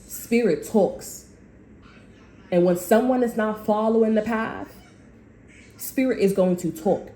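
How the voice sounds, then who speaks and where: A woman's voice: medium pitch, normal speed, dark tone. A woman tarot reader in a casual, rambling spiritual monologue, blunt and full of swearing. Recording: echoey room.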